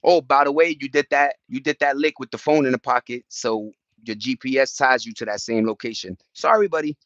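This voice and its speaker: A mid-range male voice, a little fast, comes through dull audio with no echo. He's a livestream host ranting casually outdoors to his chat, animated and using profane street slang while acting out what others say.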